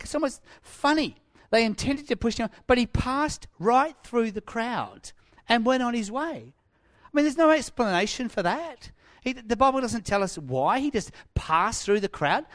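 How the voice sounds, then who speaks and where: Male pastor, sermon, lively storytelling, voice a touch high. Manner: animated storytelling, swinging from loud to hushed.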